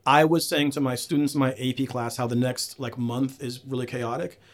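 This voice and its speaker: A man's voice: medium pitch, level tone, a little fast. Guy hosting a laid-back chat, lots of ums and restarts, pokes fun at himself. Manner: chatty, self-deprecating, many fillers and restarts. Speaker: podcast host and teacher. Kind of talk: casual conversational interview. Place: in the Gulf region.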